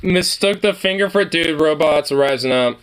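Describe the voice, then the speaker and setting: A man's voice: fairly high pitch, moderate pace, over music. A man streamer doing casual, rambling reaction commentary, swearing and laughing often.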